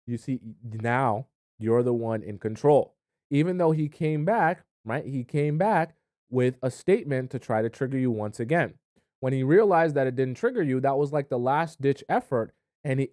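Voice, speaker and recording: A man's voice: on the high side, darkish tone, dry recording, studio quality. A man coaching women on dating in a conversational advice monologue, checking in with the listener often. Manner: conversational, keeps checking in with "okay?" and "right?". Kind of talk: direct-to-camera advice monologue.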